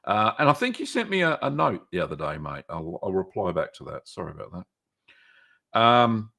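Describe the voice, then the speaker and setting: A man's voice: low-pitched, big pitch swings, moderate pace, creaky, sharp tone. A man hosting a casual live stream, answering viewer questions with many ums and restarts. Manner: rambling, many ums and restarts, reads chat aloud.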